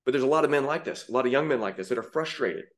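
A man's voice: mid-range voice, animated, very fast. A man preaching with fiery indignation, rising to emphatic peaks as he reacts to song lyrics. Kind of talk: sermon-style commentary.

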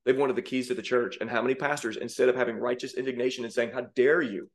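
A man's voice: mid-range voice, flat delivery, rapid-fire. A man preaching with fiery indignation, rising to emphatic peaks as he reacts to song lyrics. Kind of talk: sermon-style commentary.

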